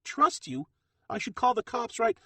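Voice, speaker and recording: Fierce, bitter woman cook, voice pushed high and loud, read by a man. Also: very animated, fast talker, slightly rough, no room sound, clean studio sound. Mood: furious. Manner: bitter, shouting in anger.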